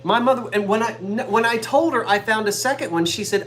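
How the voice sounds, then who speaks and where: A woman from South Jersey with a South Jersey accent, hosting a live online sale and telling stories in a casual, animated way. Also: a little high, fairly quick, few pauses. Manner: chatty storyteller, animated, laughs easily.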